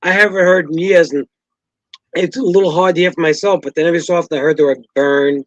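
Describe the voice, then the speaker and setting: A man's voice: sits high, no room sound, highs cut off. Earnest man on a dry mic. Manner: earnest, heartfelt, slightly halting. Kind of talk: casual podcast chat.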